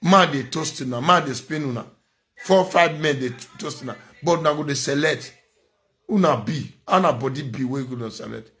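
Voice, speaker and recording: A man's voice: a little high, moderate pace, fairly bright tone. A middle-aged man with a Nigerian accent, giving a preachy, scolding monologue as a social media commentator. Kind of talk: impassioned monologue.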